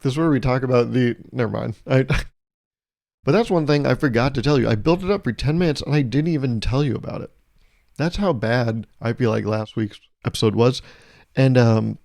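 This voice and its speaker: A man's voice: medium pitch, vocal fry, a little mellow, no echo, studio quality. A young man hosting his own podcast, rambling through a sarcastic, jokey monologue and laughing at his own jokes. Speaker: podcast host. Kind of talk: solo comedic podcast monologue.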